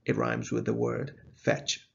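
A man teaching a video lesson, explaining in a measured way with an occasional filler, on a dull lo-fi recording. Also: medium pitch, flat delivery, vocal fry, slightly rough. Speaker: math teacher.

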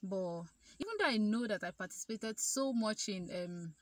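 A woman's voice: medium pitch, normal speed, no room sound. A young Nigerian woman with a Nigerian accent, vlogging a personal story in a chatty way with many fillers. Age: young adult. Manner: chatty, animated quoted dialogue, many fillers. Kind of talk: casual storytelling to camera.

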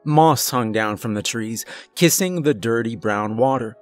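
A man giving a measured, low-key scripted horror narration. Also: dry recording, faint music behind.

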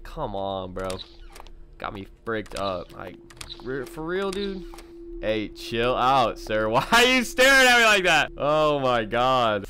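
A young man doing gaming commentary to his chat, loud, excitable, slangy and quick to laugh. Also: mid-range voice, slight background noise. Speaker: gaming YouTuber. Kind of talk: let's-play commentary.

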